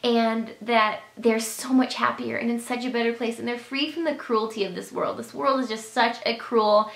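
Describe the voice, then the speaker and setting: A woman's voice: on the high side, fairly even intonation, moderate pace, gravelly, fairly bright tone. A woman talking to camera in an earnest, emotional, sincere way. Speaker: beauty vlogger. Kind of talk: heartfelt personal talk to camera. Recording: echoey room.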